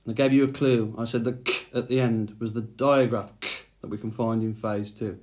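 A man's voice: medium pitch, steady tone, a little fast, a little mellow. A man teaching a phonics lesson to young children, speaking patiently and sounding out letters one by one.

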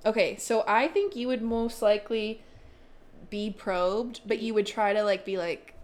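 A woman's voice: on the high side, unhurried. A young woman co-hosting a podcast in casual chat, rambling and giggly with lots of fillers. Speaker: podcast co-host.

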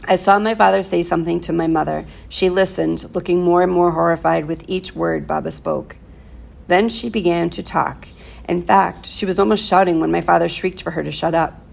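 A woman teacher reads a novel aloud for her class in a plain, steady storytelling manner. Her voice is fairly low and strongly gravelly, with heavy fry. It sounds like an unhurried read-aloud.

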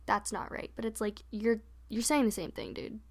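A young woman co-hosting a podcast, telling personal stories in a candid, animated casual chat full of fillers. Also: a little high, normal speed. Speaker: podcast co-host.

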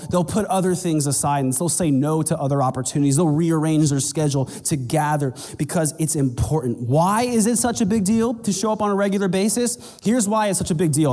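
A man preaching in a casual, talkative way, his voice a little on the high side. The sound carries a long reverb as if from a large church hall. When he plays out conversations with churchgoers, his voice leaps up in pitch. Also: a little mellow. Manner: conversational preaching, acts out dialogue in a raised voice. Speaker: pastor. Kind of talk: sermon.

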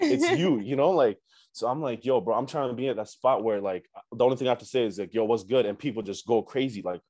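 A young man from Canada, a musician telling a story in a relaxed, slangy chat full of fillers. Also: mid-range voice, fast talker, no echo. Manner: laid-back slangy talk with many fillers and profanity. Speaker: musician guest.

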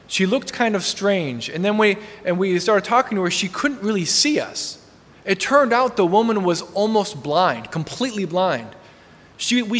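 High-voiced guy preaching, earnest testimony, lots of reverb. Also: fairly bright tone. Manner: earnest storytelling, frequent restarts. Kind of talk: sermon with personal testimony. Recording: long hall reverb.

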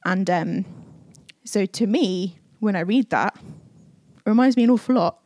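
A woman's voice: medium pitch, measured pace, darkish tone, no echo. A woman giving a casual, conversational sermon in a church, chatty with many fillers. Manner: chatty, many fillers, acts out quoted speech. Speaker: preacher. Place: church service.

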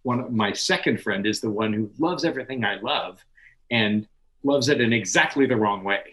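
A man who is a podcast guest and literature scholar, telling stories in an animated, knowledgeable way. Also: lowish voice, normal speed, rough recording. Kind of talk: conversational interview.

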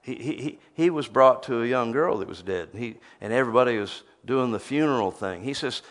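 A man's voice: mid-range voice, expressive, a little fast. A man preaching a sermon, reading scripture aloud and teasing the crowd with rhetorical questions.

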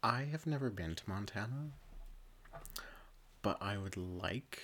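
A young woman in relaxed casual chat, laughing a lot. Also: extremely low pitch, a little slow, slight background noise. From Saskatchewan, Canada.

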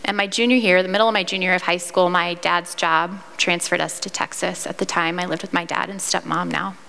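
Bright-voiced woman telling her own story. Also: lowish voice, steady tone, brisk, creaky, long reverb tail. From Iowa, United States. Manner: earnest, candid storytelling with fillers and restarts. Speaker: speaker sharing a personal testimony. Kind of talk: personal testimony.

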